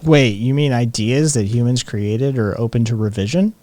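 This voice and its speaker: A man's voice: medium pitch, moderate pace, mellow, dry recording. A man chatting on a live stream, bantering sarcastically and swearing freely. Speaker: streamer co-host. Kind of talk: casual live-stream chat.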